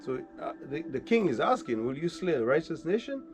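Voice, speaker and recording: A man teaching from the Bible. He reads old scripture slowly, then retells it in casual everyday slang, often asking his listeners "right?". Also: on the high side, big pitch swings, faint music behind. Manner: keeps checking in with listeners. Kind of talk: Bible reading and commentary.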